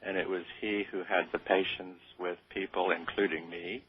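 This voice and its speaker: Older man, radio interview guest, husky, hesitant, tinny phone-like sound. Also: deep voice, little pitch movement, normal speed, no echo. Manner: hesitant, modest, with many fillers.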